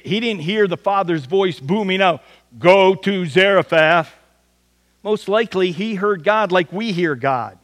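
A man's voice: high-pitched, long reverb tail. A male pastor preaching a sermon in a folksy way, often stumbling over repeated words.

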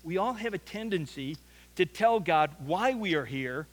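Pastor guy preaching, high-ish voice, earnest, repeats himself for emphasis, big echoey church hall. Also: expressive, unhurried. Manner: earnest storytelling preaching, repeats words when stressing a point. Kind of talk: sermon. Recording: long reverb of a large hall.

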